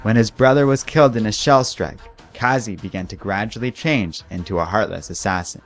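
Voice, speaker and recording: A man, host of a comic book channel, narrating a story recap in a measured, scripted way. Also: on the low side, faint music behind.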